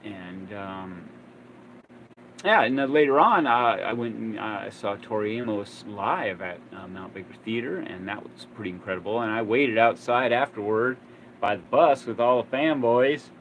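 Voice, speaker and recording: A man's voice: on the low side, normal speed, slight background noise, rough recording. A man in his fifties casually telling old stories, rambling with lots of fillers and restarts. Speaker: vlogger. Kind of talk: casual storytelling.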